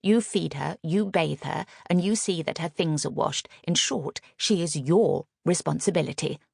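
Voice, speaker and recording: A woman voicing a cold, haughty young upper-class wife who gives curt, commanding orders, in a low, gravelly voice. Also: moderate pace, darkish tone, dry recording, studio quality, exaggerated voice.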